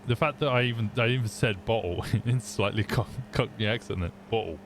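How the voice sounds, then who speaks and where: A man's voice: lowish voice, brisk, slight background noise. A young British man streaming a roleplay game, chatting casually and explaining at length, swearing freely.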